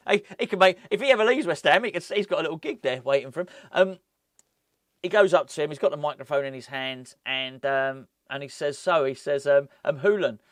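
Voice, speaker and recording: A man hosting a casual football vlog, rambling and animated, often breaking off with laughs. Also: fairly high pitch, brisk, dry recording, studio quality. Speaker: football fan channel host.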